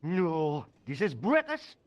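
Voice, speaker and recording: An actor playing a drunken male Geordie football fan in a video game, loud, matey and slurring. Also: a little high, wildly swooping pitch, slow, heavily acted. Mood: boozy banter.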